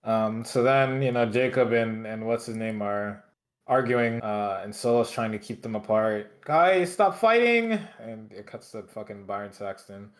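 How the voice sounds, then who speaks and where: A man's voice: on the low side, flat delivery, normal speed. A man co-hosting a podcast, recapping matches in loose, rambling casual chat full of swearing. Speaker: podcast co-host recapping wrestling.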